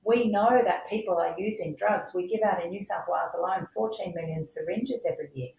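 A woman's voice: medium pitch, brisk, gravelly, a little mellow. Impassioned woman, roomy sound. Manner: impassioned, emphatic, repeats for stress. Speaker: medical director, interview guest. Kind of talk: podcast interview. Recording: roomy, slightly dull sound.

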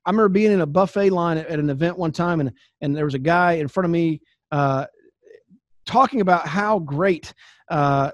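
A man's voice: on the high side, darkish tone, dry recording, studio quality. A middle-aged man giving a folksy, preachy sales training talk, laughing at his own asides. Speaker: network marketing trainer. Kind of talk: motivational training talk to camera.

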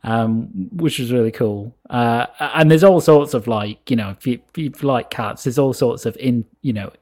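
A man co-hosting a casual game chat, hesitant with many ums and trailing off quietly. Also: medium pitch, moderate pace. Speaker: podcast co-host.

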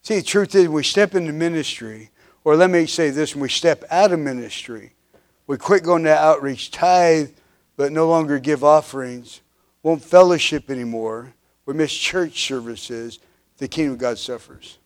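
A pastor in his fifties preaches at a moderate pace in a voice on the high side. His sermon leans on emphatic, repeated refrains, his volume rises and falls, and he frequently restarts and fills pauses with "uh."

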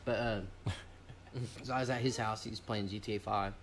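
A young man co-hosting a podcast, telling a rambling story in casual chat with loud laughs and swearing. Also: fairly low pitch, fairly even intonation, moderate pace, a little hiss or hum. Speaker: podcast co-host.

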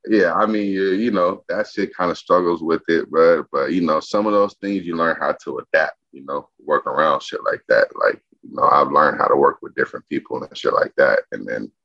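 A man who works as an executive chef, chatting as a podcast guest and telling animated stories full of slang and swearing. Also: extremely low pitch, a little fast, vocal fry, hardly any pauses. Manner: animated storytelling heavy with slang and profanity. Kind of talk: casual interview chat. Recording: dull lo-fi podcast audio.

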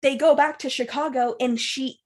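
A woman's voice: sits high, steady tone, normal speed, darkish tone. A young woman co-hosting a casual podcast, gossiping and recapping while mimicking the people she talks about. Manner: gossipy recapping, acts out voices. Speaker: podcast co-host. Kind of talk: casual chat.

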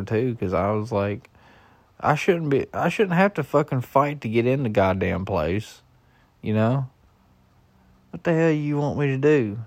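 A man's voice: mid-range voice, no echo. A young man venting in a profane personal rant, swearing heavily and griping in an exasperated way. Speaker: husband venting.

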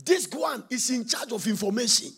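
A male preacher giving an impassioned sermon, often shouting and half-singing his phrases. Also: high voice, expressive, normal speed, creaky, breathy edge.

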